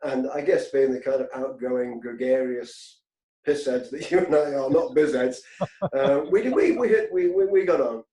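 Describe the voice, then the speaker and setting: Mellow-voiced man, roomy sound. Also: medium pitch, normal speed. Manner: chatty storyteller, self-deprecating, frequent restarts. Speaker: guest, industry executive. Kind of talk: casual anecdotal chat.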